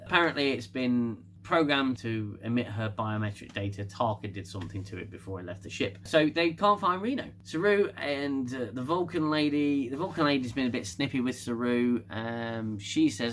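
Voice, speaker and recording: A man's voice: mid-range voice, lively intonation, moderate pace, few pauses, fairly bright tone, slight background noise. A man casually recapping a TV episode, rambling with restarts and laughing often. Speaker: TV show reviewer.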